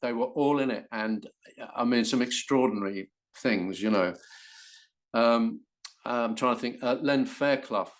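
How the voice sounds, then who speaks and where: An older English actor telling stories in an interview, animated and full of restarts. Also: male voice, medium pitch, measured pace. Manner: animated storytelling with many restarts. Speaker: actor guest. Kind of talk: anecdotal interview.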